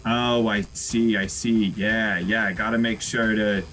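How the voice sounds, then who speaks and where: A man playing a friendly, accommodating tattoo artist in an improv comedy scene, full of fillers and quick agreement. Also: lowish voice, level tone, a bit bright, low-quality recording.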